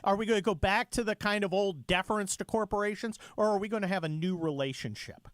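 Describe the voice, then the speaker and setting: A man's voice: sits high, quick pace, no echo. A middle-aged man guest-hosting a talk radio show, speaking fervently and heatedly with frequent restarts.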